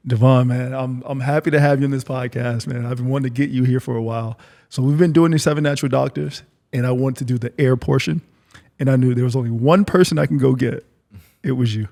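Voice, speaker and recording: A man hosting a casual interview podcast, relaxed and chatty, often repeating his words as he asks follow-up questions. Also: mid-range voice, fast talker, creaky. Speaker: podcast host. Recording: long reverb.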